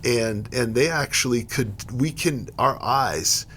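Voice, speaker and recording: A man with a mid-range, slightly bright voice speaks slowly over a little hiss or hum. He's a podcast co-host and EMS educator on a casual instructional talk show about emergency care, explaining step by step thoughtfully while often repeating and restarting.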